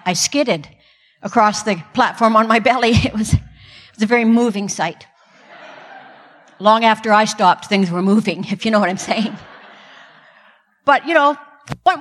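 A woman's voice: on the high side, a bit bright, big-room sound. An older woman giving a humorous, self-deprecating Christian talk from a stage with comic timing. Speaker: Christian speaker. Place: stage in a large hall.

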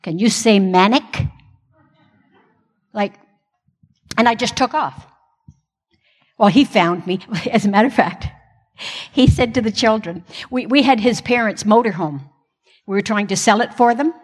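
A woman's voice: mid-range voice, measured pace, long pauses. A middle-aged woman, a pastor's wife, candidly telling a church congregation her own story with self-mocking humor. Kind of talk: personal testimony talk. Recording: long hall reverb.

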